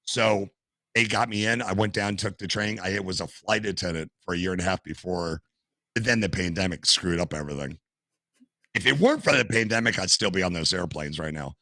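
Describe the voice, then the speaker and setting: Animated older man, gravelly storyteller. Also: low-pitched, brisk, no echo. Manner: animated storyteller, acts out quotes. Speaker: podcast guest, gamer and streamer. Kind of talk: casual storytelling interview.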